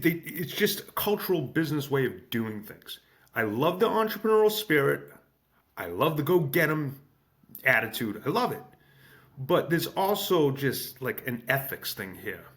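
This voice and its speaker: A man from the United States chatting on a podcast in an animated, self-deprecating way, with many halting restarts. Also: mid-range voice. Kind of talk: casual podcast conversation.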